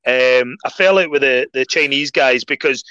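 A Scottish man chatting as a guest, an animated storyteller who repeats phrases for emphasis. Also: medium pitch, moderate pace, smooth, no room sound, muffled recording. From Scotland. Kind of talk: casual chat.

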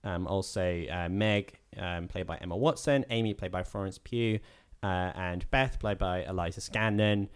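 Smooth low-voiced man riffing jokily. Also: moderate pace, few pauses. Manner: jokey, riffing, with frequent laughter; swears casually. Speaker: podcast co-host. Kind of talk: casual film-review chat.

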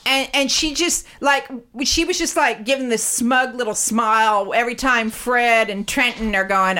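Sharp-tongued woman ranting profanely. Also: fairly high pitch, moderate pace, few pauses. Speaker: comedy guest telling a story. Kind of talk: ranting comedic monologue.

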